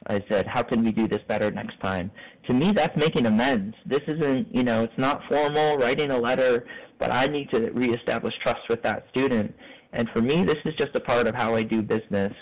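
Guy telling his own stories, earnest and reflective, sounds like a thin phone line, mid pitch. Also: normal speed. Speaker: school administrator. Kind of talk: personal testimony.

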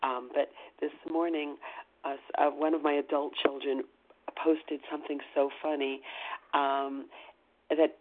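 A middle-aged woman from New Jersey sharing at a recovery meeting, halting with many ums and restarts. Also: low-pitched, little pitch movement, background noise. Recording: tinny phone line.

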